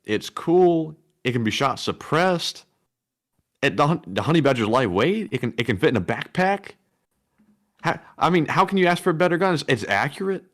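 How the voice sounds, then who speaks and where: A man's voice: a little high, very animated, moderate pace. A man co-hosting a livestream, casually reading out viewer donations in an easygoing way, with chuckles. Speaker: co-host reading viewer messages.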